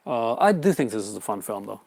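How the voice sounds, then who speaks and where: A man's voice: on the low side, big pitch swings, fairly quick, vocal fry, a little mellow, no echo. A man hosting a casual live stream, rambling enthusiastically about his horror film collection, with many fillers and restarts. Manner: answers viewer chat comments.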